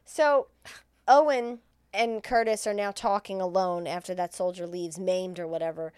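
A woman's voice: fairly low pitch, steady tone, moderate pace, darkish tone, clean tone, dry recording. A woman co-hosting a comedy podcast, recapping a film in crude, laughing chat and acting out the lines.

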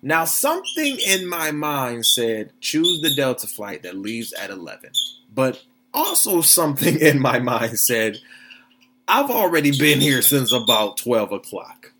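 Young male podcast host, mid-pitched, blunt and profane, noisy home recording. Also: unhurried. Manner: animated, blunt and profane, keeps asking "you understand what I'm saying?". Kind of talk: casual solo podcast commentary.

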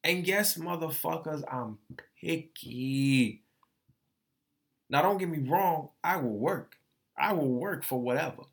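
Gravelly-voiced man venting on his podcast. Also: a little high, slow, pauses often. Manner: profane, emotional, repeats phrases. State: tearful. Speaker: podcast host. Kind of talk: candid solo monologue.

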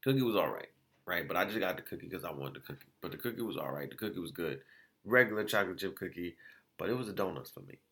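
A man casually reviewing food spots in a vlog, telling it as an animated, slangy story full of restarts and quoted exchanges. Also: low-pitched, quick pace, creaky.

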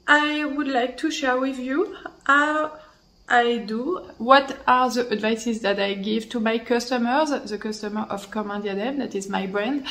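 A woman with a French accent and French as her first language, hosting a casual podcast. She talks in a friendly way, sometimes searches for words, and slips in light jokes. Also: a little high. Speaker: podcast host and hair-piece brand owner. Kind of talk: casual explanatory talk to camera.

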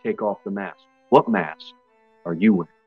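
A male pastor preaching a sermon, his voice jumping high and loud for emphasis before dropping back low. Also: lively intonation, moderate pace, gravelly, narrow, tinny audio, music in the background. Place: church.

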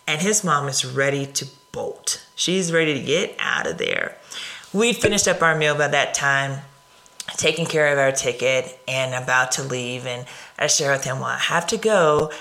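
A woman's voice: a bass voice, normal speed, bright, forceful tone. A woman from the United States hosting a podcast, telling a personal story in an earnest, reflective way. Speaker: podcast host.

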